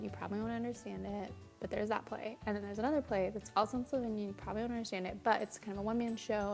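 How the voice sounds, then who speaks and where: A woman's voice: mid-range voice, vocal fry. A young woman vlogging to camera, telling a rambling travel story in a chatty, laughing way. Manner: chatty, rambling, laughs often, quotes people in quick asides.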